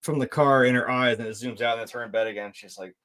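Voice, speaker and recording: A man's voice: medium pitch, steady tone, fast, a bit bright. Laid-back man rambling through a film review. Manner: laid-back, rambling, laughs often, frequent fillers and swearing. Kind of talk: casual film review commentary.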